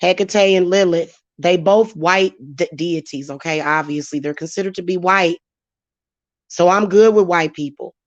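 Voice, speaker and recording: A woman's voice: fairly low pitch, moderate pace, dry recording, lo-fi sound. A woman hosting her channel, ranting heatedly and profanely at commenters in a live-stream vlog. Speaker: channel host and spiritual reader. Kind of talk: live-stream rant to viewers.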